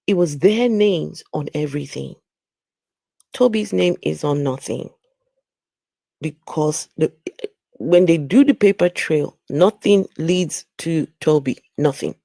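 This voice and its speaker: A woman hosting a casual livestream chat, animated and exclaiming as she reads viewer comments aloud. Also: deep voice, slow, creaky, no room sound, studio quality. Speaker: channel host.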